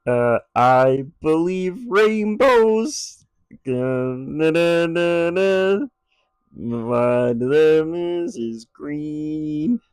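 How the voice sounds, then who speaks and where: A man doing an impression of a cheerful small frog puppet, in a high, strained, slow warble. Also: animated, darkish tone, clean tone, no echo. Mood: silly.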